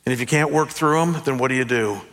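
A middle-aged man, a pastor, giving a conversational, animated sermon with self-deprecating asides and stammered restarts. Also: mid-range voice, fast talker. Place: church sanctuary. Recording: long hall reverb.

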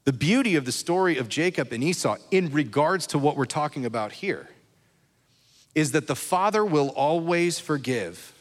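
A man's voice: fairly high pitch, expressive, normal speed. A man preaching a sermon as pastor, talking in a conversational way and checking in with his listeners. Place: church. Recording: reverberant hall.

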